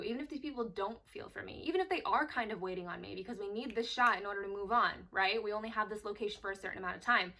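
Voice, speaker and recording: A young adult woman, an actress, telling candid stories in a casual, expressive way for a vlog. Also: mid-range voice. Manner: casual, expressive storytelling with swearing.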